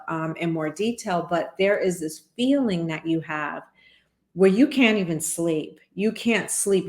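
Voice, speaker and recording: A middle-aged woman with a lowish voice hosts a reaction video, musing aloud in casual, reflective commentary. Her voice carries a roomy echo, as if recorded in a bare room. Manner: reflective, talks through thoughts with fillers.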